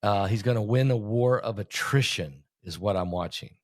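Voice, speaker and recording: A man hosting a casual conversation as a preacher, chatty and questioning, often pausing with fillers. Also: on the low side, dry recording, clean studio sound. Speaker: host, preacher.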